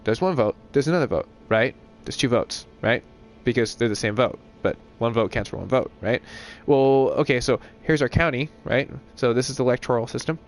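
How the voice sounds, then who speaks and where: A man's voice: medium pitch, brisk, few pauses, faint music behind. Rambling guy streaming games. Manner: rambling, profane, lots of "like" fillers. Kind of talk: casual gaming stream chat.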